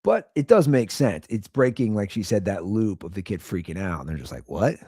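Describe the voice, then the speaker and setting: Sarcastic ranting man, lively swings. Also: on the low side, a little fast, husky, no room sound, clean studio sound. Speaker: podcast host. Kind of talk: comedic solo rant.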